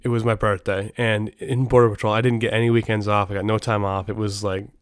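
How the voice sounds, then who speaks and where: Rambling podcast host man, smooth voice. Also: fairly low pitch, flat delivery, quick pace, no echo, clean studio sound. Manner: rambling, self-interrupting, frequent restarts. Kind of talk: casual podcast chat.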